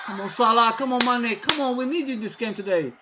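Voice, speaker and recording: A man's voice: very high voice, fast, heavy background noise. A man co-hosting a live fan watchalong, ranting in exasperated disbelief at how his team is playing. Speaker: fan stream co-host. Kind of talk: live match watchalong chat.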